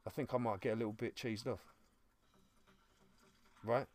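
A man hosting a casual podcast, talking at an ordinary middle pitch. He lays out long hypothetical scenes step by step and slips into mock-polite voices for the people in them. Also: fairly even intonation, normal speed. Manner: builds scenarios, acts out posh politeness. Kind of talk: casual banter.

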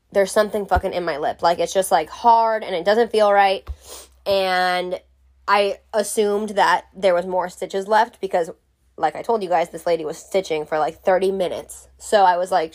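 A woman's voice: mid-range voice, fairly even intonation, moderate pace. A woman vlogger telling a story to camera in a casual way. She is frank, jokey and swears freely.

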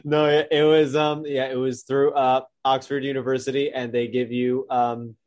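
A man's voice: medium pitch, level tone, moderate pace, darkish tone. A young man co-hosting a casual podcast, telling stories in a rambling way full of likes and ums. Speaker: podcast co-host. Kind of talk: casual storytelling chat.

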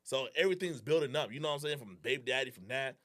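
Fast-talking young man telling a story. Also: mid-range voice. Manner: animated, reenacting dialogue; slangy and profane. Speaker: guest. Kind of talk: casual storytelling.

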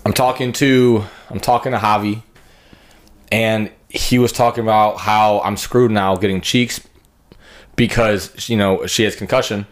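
He's a podcast host in his twenties whose voice is on the low side, with fairly even intonation and a measured pace. His crude, casual talk runs to profane, meandering stories where he acts out others' words.

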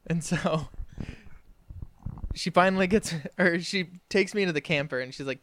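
A young man co-hosting a casual podcast, telling a childhood story with lively acted-out quotes and laughter. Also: a little high, moderate pace, long pauses. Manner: animated storyteller, acts out quoted family voices and laughs through his story. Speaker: podcast co-host.

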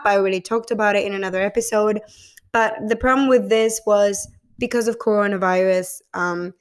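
Rambling woman podcast host. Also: mid-range voice. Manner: rambling, swears casually, frequent ums and self-corrections. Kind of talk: casual solo film chat.

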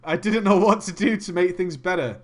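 A man telling a comic gaming story in an animated way, laughing and swearing often. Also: sits high, moderate pace.

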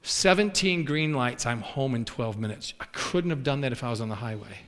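A man preaching, telling folksy stories with lively acted quotes. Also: mid-range voice, normal speed, long reverb tail. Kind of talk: storytelling sermon.

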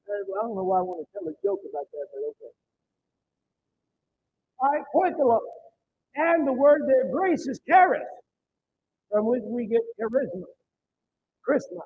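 A man's voice: very high-pitched, slight background noise. A male pastor preaching a sermon in church, emphatic and calling on the congregation to answer back, in a dull, muffled recording.

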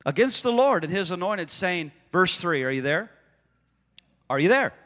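A man preaching a sermon, swinging from hushed asides to shouted proclamations. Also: high voice, very animated, normal speed, in a large hall. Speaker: pastor.

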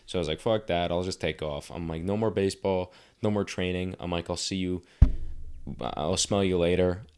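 A man's voice: sits low, steady tone, normal speed, darkish tone, clean tone. A young man casually telling a story as a podcast host, rambling and swearing often. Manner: rambling, profane, filler-heavy.

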